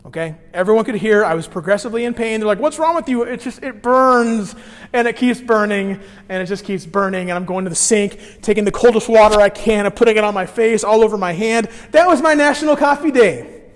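A man with a notably high voice preaches a sermon as pastor, his words trailing into the long reverb of a big hall. He tells stories with animated swings, dropping soft and then bursting out loud. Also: fairly quick. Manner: animated storytelling with sudden swings between quiet and loud.

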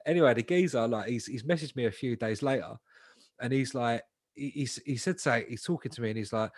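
A man's voice: medium pitch, expressive, fast, no room sound, studio quality. A young man telling a long, slangy, swear-filled anecdote in a casual podcast chat. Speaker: podcast co-host.

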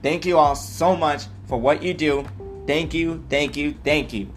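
A man's voice: a little high, fairly even intonation, a little slow, faint music behind. A man hosting his own podcast, talking earnestly about his life and often checking in with "right?" and "okay?". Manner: earnest, repeats himself, tags lines with "right?" and "okay?". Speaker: podcast host. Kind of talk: solo personal podcast monologue.

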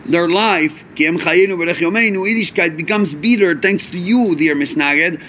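A man teaching a chassidic Torah class, animated, asking rhetorical questions and mixing in Yiddish and Hebrew terms. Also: high-pitched, moderate pace, a little hiss or hum.

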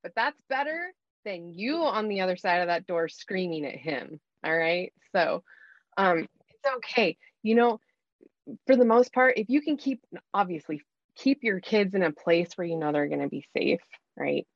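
A woman's voice: lowish voice, lively intonation, normal speed, dry recording, dull audio. A woman giving earnest, coaching advice in a conversational talk, often acting out what to say to yourself.

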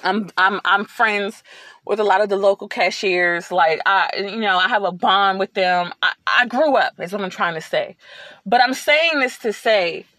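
A woman hosting a podcast, telling a personal story in a casual, animated way and acting out the lines she quotes. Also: mid-range voice, moderate pace, dry recording. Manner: animated, repeats words, acts out quotes. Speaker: podcast host.

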